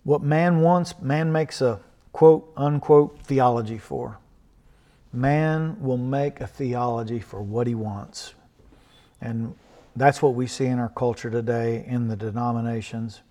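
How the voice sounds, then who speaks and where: A man preaching a sermon, emphatic and earnest, swinging from loud exhortation to quiet asides and mocking rhetorical questions. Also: mid-range voice, measured pace.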